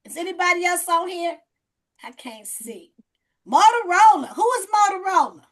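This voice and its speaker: A woman's voice: very high-pitched, lively intonation, normal speed. A woman hosting a group video call, energetically coaching and coaxing participants, repeating her phrases for emphasis. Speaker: host leading a group session.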